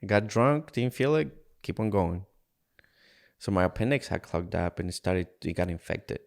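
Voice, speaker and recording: A man from Ecuador, a podcast guest telling his own story in an earnest, halting way, acting out past conversations. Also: deep voice, animated, vocal fry, darkish tone. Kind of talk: candid personal storytelling in an interview.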